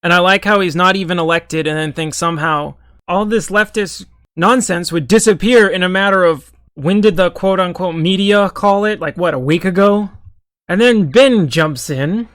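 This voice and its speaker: A man's voice: high-pitched, moderate pace, a bit bright, no echo. A young man giving a sarcastic, profane, exasperated running commentary as an online commentator. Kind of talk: ranting commentary.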